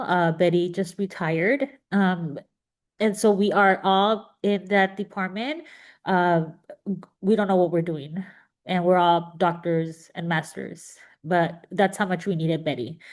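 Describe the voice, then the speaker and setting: A woman instructor leads a student panel over a video call. She talks in an emotional, rambling way, full of fillers and restarts. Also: medium pitch. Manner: warm, emotional, chatty with many fillers. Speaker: panel moderator and college instructor. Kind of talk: casual emotional panel talk.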